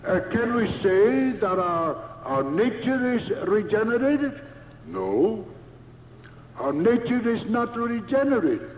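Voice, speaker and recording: Male preacher, high voice, deliberate sermon delivery, dull lo-fi sound. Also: very animated, slight background noise. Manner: slow, emphatic, repeats key phrases. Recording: echoey hall, dull lo-fi sound.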